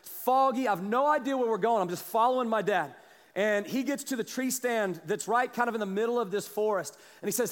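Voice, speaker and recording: A man preaching a sermon as a pastor, telling a story with animated energy and a slight cough. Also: sits high, brisk, big-room sound. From Kansas, US. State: has a cough.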